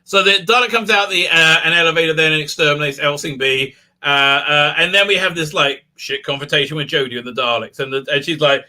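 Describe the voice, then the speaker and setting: A man's voice: fairly high pitch, a little fast, hardly any pauses, bright, forceful tone. A man giving a casual, sarcastic episode recap and review, ranting animatedly and laughing often. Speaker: video reviewer.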